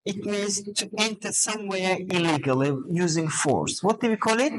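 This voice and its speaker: A woman's voice: mid-range voice, moderate pace, poor audio. A woman teacher trainer running a classroom lesson, drilling students with questions and counting out word stress. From Azerbaijan.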